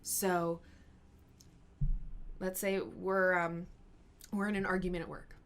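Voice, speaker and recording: A woman health coach answering questions in a live Q&A. She talks in an earnest, encouraging way, explains things step by step, and sometimes slows down and softens her voice to show calm speaking. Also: fairly low pitch, slight background noise. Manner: sometimes drops to a slow, soft voice to model calm speaking. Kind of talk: live Q&A advice talk.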